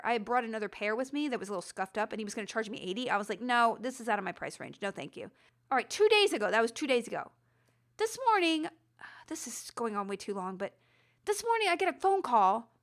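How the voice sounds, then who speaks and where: A woman with a high voice hosts a podcast, telling a long story in a casual, animated way. She talks herself in circles, restarts her sentences and pokes fun at herself. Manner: animated, self-deprecating, rambling with restarts. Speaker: podcast host.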